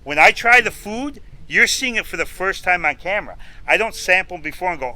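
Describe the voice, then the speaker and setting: Appearing as a podcast guest, this food show host, a middle-aged man from upstate New York, spins a lengthy tale in a relaxed storytelling interview and voices both parties in each exchange. He has a high, bright, forceful voice and speaks briskly and with lots of animation, though the recording is rough.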